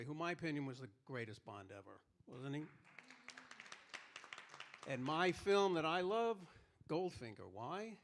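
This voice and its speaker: A man performing a live stand-up routine on stage, telling stories and acting out the people in them. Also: medium pitch. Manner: storytelling, acting out quoted characters. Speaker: stand-up comedian. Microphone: handheld stage microphone.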